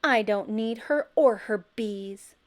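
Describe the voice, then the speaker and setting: A woman's voice: on the high side, takes it slowly. A woman voicing a stubborn, easily hurt male neighbor who sputters insults. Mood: sputtering. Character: cranky neighbor man, apple grower, hurt and stubborn.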